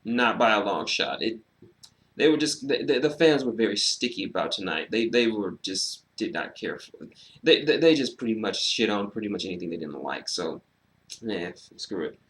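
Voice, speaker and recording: A man giving a casual, animated solo review of a wrestling show, sarcastic and swearing freely, with frequent fillers. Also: lowish voice, moderate pace.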